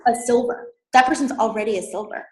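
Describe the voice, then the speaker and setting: A woman with a high voice walks listeners through a business growth strategy. She talks in an animated way and laughs often. The room around her is echoey. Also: fast. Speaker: network marketing leader.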